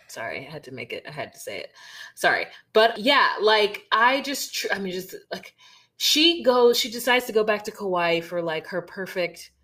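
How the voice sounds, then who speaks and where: A woman's voice: mid-range voice, sing-song, measured pace, sharp tone. Rambling, frank woman podcaster. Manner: rambling, frank, casual swearing. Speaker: podcast co-host. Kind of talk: casual recap chat.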